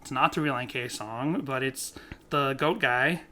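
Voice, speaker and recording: Male podcast co-host, bright tone, rambling casual delivery. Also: medium pitch, measured pace. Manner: rambling, laughs often, self-correcting. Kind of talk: casual chat.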